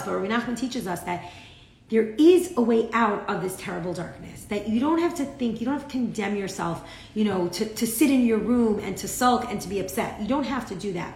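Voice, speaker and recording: A woman teaching a casual Torah class in a chatty, filler-heavy way, often acting out little quotes as she explains. Her voice sits at a middling pitch, and the room adds a noticeable echo around her.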